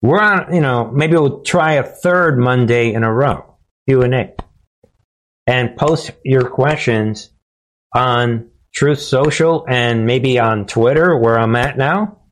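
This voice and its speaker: A man's voice: medium pitch, takes it slowly. A man hosting his own channel, talking straight to his viewers in a casual monologue, punchy and emphatic, with catchphrases and frequent restarts. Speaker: host of a political commentary channel.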